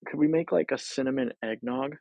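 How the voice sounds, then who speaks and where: A man with a gravelly, creaky voice co-hosts a podcast, rambling along in easygoing chat. His voice sits dry and close on the mic. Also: mid-range voice, quick pace, dark tone, no room sound, rough recording. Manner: easygoing, rambling, casual swearing. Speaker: podcast co-host. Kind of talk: casual chat.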